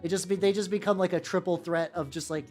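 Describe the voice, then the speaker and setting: Speaking quickly with fairly even intonation, this VTuber has a mid-range, darkish voice. They paint miniatures while chatting casually and profanely with live-stream viewers, rambling and often beginning sentences again, over faint background music.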